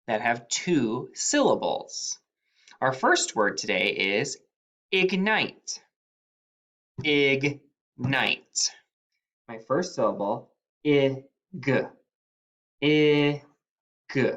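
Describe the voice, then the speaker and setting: A man's voice: medium pitch, sharp tone. A male teacher leading a phonics dictation lesson, breaking words into single sounds and repeating each part patiently. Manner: patient, deliberate classroom delivery.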